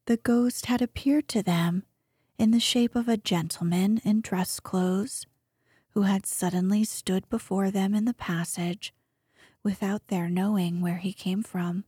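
A woman narrating a bedtime sleep story in a soothing, hushed voice that often drops to a whisper, close to the mic. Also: medium pitch, steady tone, measured pace, breathy edge, no echo.

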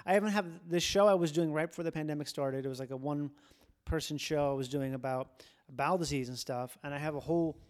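A man's voice: on the high side, fast talker. A man comedian chatting casually on a podcast, rambling and loose as he recalls things. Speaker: stand-up comedian.

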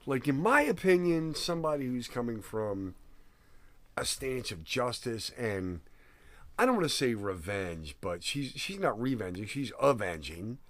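A man's voice: medium pitch, unhurried. A man co-hosting a film podcast, joking around and swearing in casual chat. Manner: animated, profane, joking riffs. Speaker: podcast co-host.

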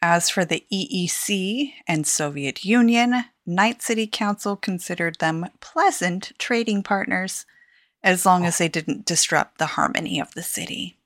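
A woman's voice: lowish voice, unhurried, a bit bright, no echo, clean studio sound. A woman co-hosting a casual podcast, reading lore notes aloud with playful asides. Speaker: podcast co-host.

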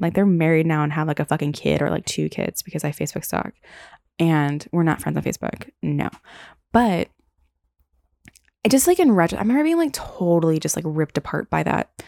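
A woman's voice: deep voice, sing-song, brisk, gravelly, warm tone, no echo, studio quality. A young woman hosting a podcast, telling a long personal story in a rambling, candid way, full of "like" and swearing. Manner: rambling, heavy use of "like", candid and profane. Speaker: podcast host. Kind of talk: casual storytelling.

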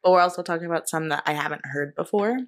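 A woman's voice: deep voice, racing. A woman co-hosting a podcast, chatting casually and teasing her guests. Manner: playful, teasing. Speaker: podcast co-host.

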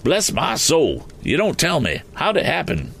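A man voicing an excitable, eccentric gentleman motorist who rambles and keeps exclaiming fussy oaths in a storybook reading. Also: fairly high pitch, a little slow, vocal fry, slightly rough, pitched above the performer's own voice, exaggerated voice. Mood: excited.

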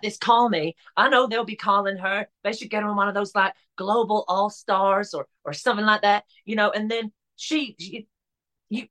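A woman's voice: mid-range voice, a bit bright. Chatty woman full of fillers. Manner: chatty, hesitant, many fillers and restarts. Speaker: podcast guest, drag performer. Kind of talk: casual podcast chat.

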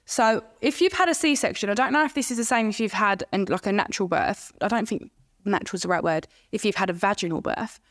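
A woman's voice: medium pitch, fast talker. A young woman, chatting casually on a podcast and telling a blunt, sweary birth story. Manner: blunt, swears freely, tells stories with quoted dialogue. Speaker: podcast co-host. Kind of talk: casual chat.

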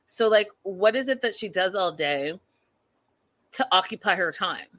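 A woman's voice: mid-range voice, expressive, unhurried, a bit bright, dry recording. A woman recapping reality TV in a casual, gossipy chat, talking straight to her viewers and laughing often.

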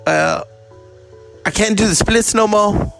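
A man's voice: high voice, slow, vocal fry, fairly bright tone, faint music behind, pitched above the performer's own voice, exaggerated voice. A man doing a pleading, aging soul singer.

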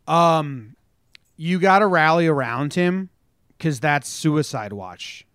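A man's voice: a little high, slow, clean tone, no echo, clean studio sound. A man co-hosting a casual sports chat, telling stories and acting out locker-room quotes with lots of swearing. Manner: animated storyteller, acts out quotes with profanity. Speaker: podcast co-host.

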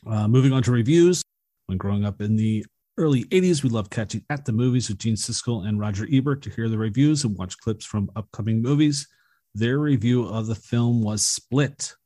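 A man co-hosting a movie podcast, reading out production facts and box office numbers at an even pace. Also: medium pitch, dry recording, studio quality. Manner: measured, fact-reciting delivery. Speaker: podcast co-host. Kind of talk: reading film trivia in casual chat.

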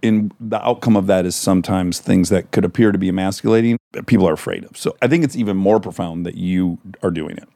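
A man with a low, gravelly voice hosts a podcast, frank and self-mocking, dropping swear words casually. The recording is dry and close. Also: fast, hardly any pauses, mellow, dry recording. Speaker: podcast host. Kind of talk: casual interview chat.

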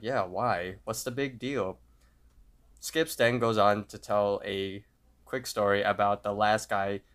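A man's voice: on the low side, clean tone. A man co-hosting a podcast, casually retelling a cartoon episode and acting out the characters' lines. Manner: retells scenes, acting out quotes loudly. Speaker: podcast co-host.

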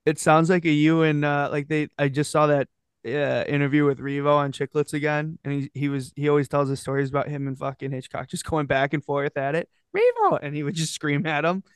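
Smooth-voiced, laid-back male host. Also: a little high, little pitch movement, no echo, studio quality. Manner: laid-back, easygoing, quick to laugh. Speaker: podcast host. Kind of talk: casual chat.

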